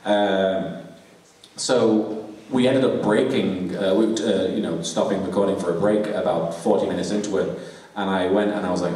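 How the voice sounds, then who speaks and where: A man's voice: low-pitched, fairly even intonation, moderate pace, a little mellow. A man, a voice actor on a convention panel, telling chatty, laughing, self-deprecating anecdotes. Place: large convention hall with audience. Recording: echoey hall, far off, noisy.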